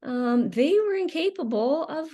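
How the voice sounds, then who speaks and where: Slow, mellow-voiced woman talking earnestly. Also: high voice, animated. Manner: slow, earnest, with frequent fillers and restarts. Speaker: channel host. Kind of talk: personal monologue to camera.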